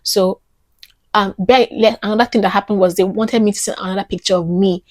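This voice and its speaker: A woman's voice: mid-range voice, fairly even intonation, brisk, dry recording. A woman earnestly telling a personal story on her vlog, often repeating phrases for emphasis.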